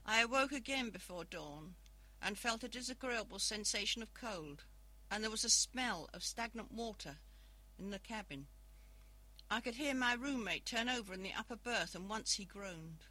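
A narrator reads a first-person ghost story aloud in a measured, even storybook manner. The tone is strikingly bright and sharp, with a middling pitch. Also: low-quality recording.

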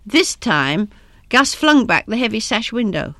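A woman narrating a written story in a measured, even way. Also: fairly high pitch, dry recording. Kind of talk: scripted story reading.

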